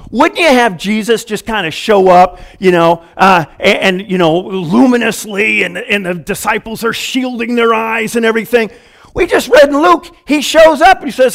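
A pastor preaching a lively, conversational sermon full of quick asides, in a church. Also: male voice, high voice, vocal fry.

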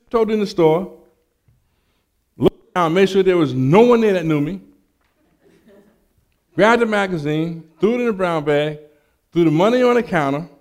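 A male preacher with a fairly high voice delivers a sermon built around a personal story. He is animated, acting out the dialogue as he tells it. He often stammers into a restart before pressing on. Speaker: preacher giving testimony.

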